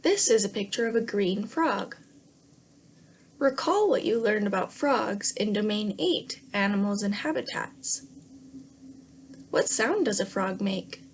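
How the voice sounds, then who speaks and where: A woman teacher reading a fairy tale to young children in a gentle way, pausing to ask the class questions. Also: medium pitch, expressive, slight background noise. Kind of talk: read-aloud lesson for young children.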